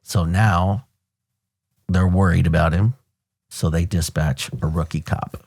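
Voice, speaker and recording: A deep, low-pitched American man in his fifties tells a story from his years as a police officer. He is blunt and animated, swears casually, and acts out the sounds of the scene. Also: measured pace, creaky. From United States. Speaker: podcast host, retired police officer. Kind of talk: conversational storytelling.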